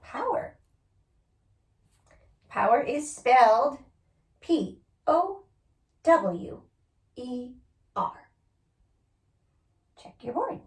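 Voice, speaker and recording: A rather high-voiced woman teacher leads a children's spelling lesson, sounding out each word slowly and patiently, letter by letter. Her voice rings around an echoey room. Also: sing-song.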